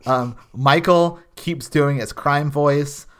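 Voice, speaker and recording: A man's voice: on the high side, slow, smooth. A man co-hosting a podcast, recapping a TV episode in a rambling, casual way with many restarts. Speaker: podcast co-host. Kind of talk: casual chat.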